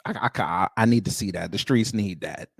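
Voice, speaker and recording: A man's voice: low voice, fairly quick, creaky, husky, no echo, studio quality. A man hosting a live reaction stream, talking casually and mockingly, often breaking into laughter.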